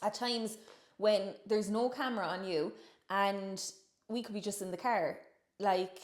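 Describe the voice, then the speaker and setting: A woman's voice: mid-range voice, fairly even intonation, measured pace, roomy sound. A woman co-hosting and judging impressions, talking casually and encouragingly. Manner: encouraging, laughs often. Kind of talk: casual chat.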